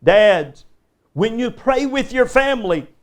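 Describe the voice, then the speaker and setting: An older man preaches to a church congregation, his voice sitting notably high for a man. He drives his points home with repeated, emphatic questions put straight to his listeners. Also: lively intonation, takes it slowly. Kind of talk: live sermon. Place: church service before a congregation.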